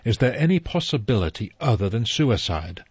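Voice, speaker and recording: A man's voice: mid-range voice, big pitch swings, normal speed, husky, no room sound. A man reading a novel aloud, voicing a brusque middle-aged doctor who speaks in a matter-of-fact way, on a dull lo-fi recording. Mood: grave.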